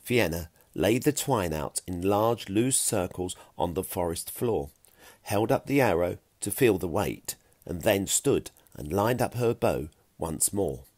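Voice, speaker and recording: A man reading a children's storybook aloud, unhurried and very expressive. His voice sits low and swings widely in pitch, recorded close and dry. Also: dry recording. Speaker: narrator. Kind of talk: storybook narration.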